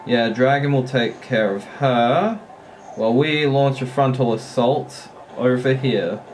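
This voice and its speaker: A man giving casual, excitable commentary while playing a mobile strategy game, often swearing and laughing at his own play. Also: mid-range voice, measured pace, slight background noise.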